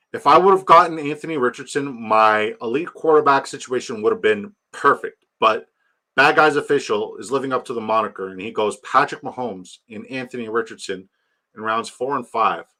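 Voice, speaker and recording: Bright-voiced young man riffing casually. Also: medium pitch, expressive, moderate pace. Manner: rambling, joking, swears freely. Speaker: fantasy football streamer. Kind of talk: casual live-stream chat.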